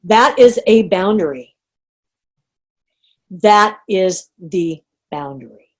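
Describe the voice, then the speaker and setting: A middle-aged woman leading an online group coaching call, talking in an animated way and acting out inner reactions. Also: mid-range voice, slow, pauses often. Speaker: coach running a group session. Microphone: video call.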